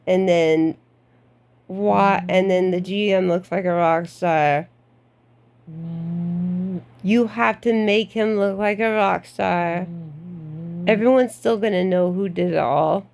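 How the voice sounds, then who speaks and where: A woman's voice: mid-range voice, slow pace, gravelly, pauses often, darkish tone. A middle-aged woman giving blunt career advice in a vlog, outspoken and frank, with laughing asides. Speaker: golf club membership adviser.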